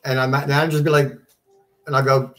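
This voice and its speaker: A man's voice: medium pitch, level tone, fast talker, fairly bright tone. A man in his fifties, a former car salesman, chatting easily as an interview guest, swearing casually. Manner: easygoing, swears casually, laughs often.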